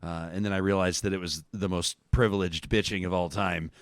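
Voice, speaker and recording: A man's voice: sits low, steady tone, a little fast, no room sound, studio quality. A Canadian man co-hosting a podcast, chatting casually about the news with a rambling, conversational manner. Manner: conversational, rambling with restarts and fillers. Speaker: podcast co-host.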